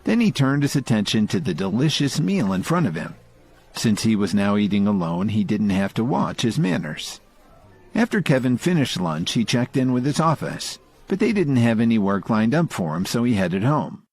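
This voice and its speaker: A man narrates a scripted audio drama in a calm storytelling manner. His low voice is slightly husky and moves lively through its pitch. Soft music plays underneath. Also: normal speed.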